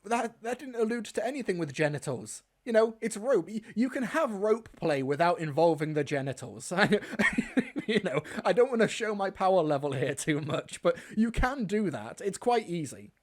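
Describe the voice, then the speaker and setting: A man's voice: high-pitched, expressive, moderate pace, hardly any pauses. A man hosting a reaction video, talking back to clips with sarcastic, exasperated commentary.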